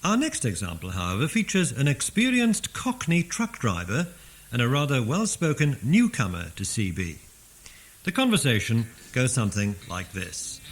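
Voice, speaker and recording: A man with an English accent giving slow, deliberate, scripted instructional narration. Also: medium pitch, wildly swooping pitch.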